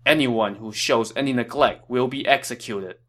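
A man's voice: mid-range voice, moderate pace, fairly bright tone, natural voice. A man voicing a cunning, commanding male warlord, read as quoted dialogue in an audio story. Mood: wry.

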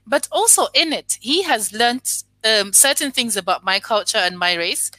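Bright, reflective woman guest. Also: on the high side, lively intonation, no room sound. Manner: reflective, halting with restarts. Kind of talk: casual conversation.

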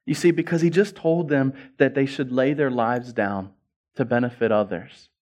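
A male pastor preaching a sermon, swinging from hushed lines to loud, rising ones and repeating key phrases for emphasis. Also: mid-range voice, moderate pace.

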